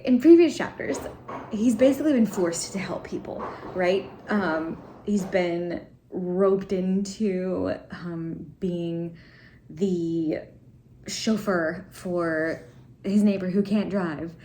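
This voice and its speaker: A woman's voice: fairly low pitch, warm tone. A woman talking casually about a book she is reading, rambling with ums and laughter, at home. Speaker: book vlogger. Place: home with cats and laundry running. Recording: echoey home room with faint noise.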